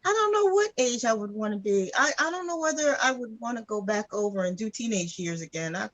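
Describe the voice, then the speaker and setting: A woman in casual chat, speaking softly and musingly. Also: a little high, expressive, brisk, lo-fi sound, a loud crowd. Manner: soft, musing, laughs easily. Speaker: guest.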